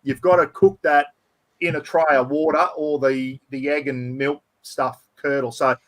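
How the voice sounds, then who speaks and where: Male host, casual and rambling, enthusiastic, slightly higher voice. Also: level tone, a little slow. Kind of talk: casual chat.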